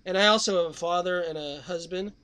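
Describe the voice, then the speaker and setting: A man's voice: high-pitched, fairly quick, sharp tone, smooth. A man hosting a call-in radio show, chatting in a rambling, scatterbrained way and breaking into snatches of song. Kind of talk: casual call-in radio chat.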